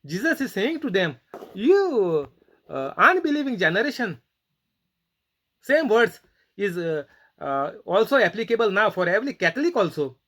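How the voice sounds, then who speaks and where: A man leading a bible study sermon who reads scripture aloud and explains it slowly, with many pauses, fillers and non-native phrasing. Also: sits high, sing-song, fairly bright tone. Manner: slow, halting, many fillers and restarts. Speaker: preacher.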